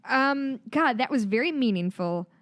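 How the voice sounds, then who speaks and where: A woman's voice: high-pitched, lively intonation, normal speed, a bit bright, no echo. A woman co-hosting a podcast in casual chat, blunt and swearing freely, drinking wine as she talks. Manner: blunt, swears freely, acts out quoted voices. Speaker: podcast co-host.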